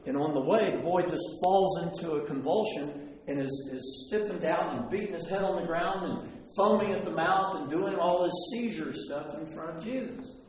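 A man preaching a sermon, retelling a story with animated energy and switching into other voices for the quotes. His voice rings through a large, echoey hall with a long reverb tail, caught by a distant mic with a faint hum of ambience. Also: a little high, moderate pace, hardly any pauses.

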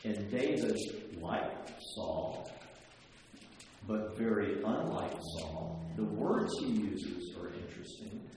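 A man's voice: lowish voice, takes it slowly. A man leading an interactive Bible study, asking questions and acting out quotes. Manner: animated, asks the group questions, acts out quotes. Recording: echoey hall from a distance with noise.

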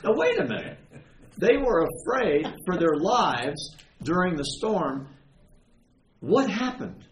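A man preaching a sermon in a conversational, animated way, retelling stories and asking his listeners questions. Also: high voice, slow. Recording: echoey room with faint ambient noise.

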